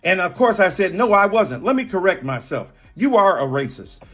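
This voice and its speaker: High-voiced indignant man arguing on air. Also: very animated, normal speed, fairly bright tone. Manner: indignant, emphatic, lists charges word by word. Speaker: guest in a televised debate. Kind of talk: heated on-air argument.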